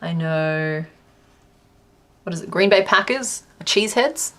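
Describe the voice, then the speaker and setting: A woman's voice: on the low side, lively intonation, takes it slowly, a bit bright. Chatty Australian woman streaming. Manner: chatty, reads and answers chat, laughs often. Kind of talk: casual live-stream chat while crocheting.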